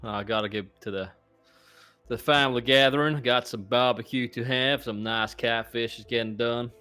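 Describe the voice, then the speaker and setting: A man's voice: medium pitch, fairly even intonation, moderate pace, sharp tone, clear, resonant tone, soft background music, pitched above the performer's own voice, close to an everyday voice. A man voicing a suspicious small-town police officer with a folksy drawl.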